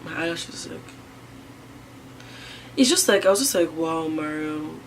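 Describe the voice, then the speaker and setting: A woman's voice: medium pitch, animated, measured pace, a little hiss or hum. Young woman telling a personal story. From Niger. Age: young adult. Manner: rambling, filler-heavy, swinging between loud outbursts and hushed near-whispers. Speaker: vlogger. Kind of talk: casual personal storytelling to camera.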